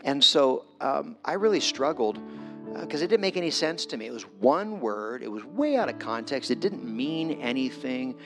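A man's voice: mid-range voice, very animated, moderate pace, creaky. A middle-aged man giving a conversational storytelling sermon as a guest preacher, self-deprecating and acting out his own quotes. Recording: long hall reverb with music.

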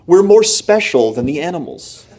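A man preaching a sermon in a lively, animated way, often acting out the voices in the story he tells. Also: fairly high pitch, moderate pace, husky. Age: young adult or middle-aged, father of children. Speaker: pastor.

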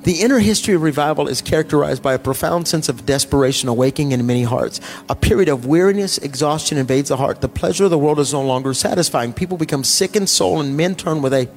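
Pastor preaching over soft music. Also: male voice, fairly high pitch, fast, hardly any pauses. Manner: casual storytelling with sudden hushed, sighing drops. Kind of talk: sermon.

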